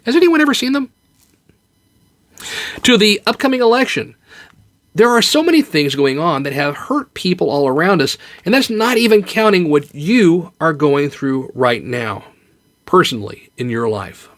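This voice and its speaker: Earnest man with a lively voice. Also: on the high side, normal speed. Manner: earnest, comforting, with light joke telling. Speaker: podcast host. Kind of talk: heartfelt encouraging monologue.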